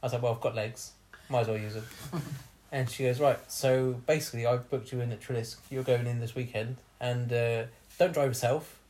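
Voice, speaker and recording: A young man tells a rude, funny story to his co-hosts. He keeps laughing and bursts into lively retellings of what everyone said. His voice sits at an ordinary pitch. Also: a little fast. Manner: laughs often, bawdy, animated retelling. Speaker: podcast host telling a story. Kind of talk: casual comic storytelling.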